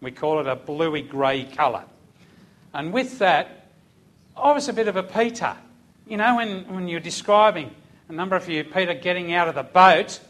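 Lively Australian man telling a testimony. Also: sits high. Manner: lively, animated storyteller acting out voices. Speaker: police officer giving testimony. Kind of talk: storytelling testimony in church.

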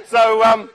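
A middle-aged man preaches at a Christian breakfast, sharing his own story. His voice sits a little high for a man, and he keeps the telling lively and humorous, acting out each person he quotes. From New Zealand. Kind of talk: testimony sermon with storytelling.

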